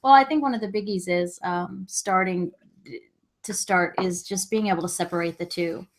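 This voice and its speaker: A woman's voice: lowish voice, moderate pace, slight background noise. A woman co-hosting a casual live-stream business chat with her husband, thoughtful and rambling with many restarts. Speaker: co-host of a live reselling business show.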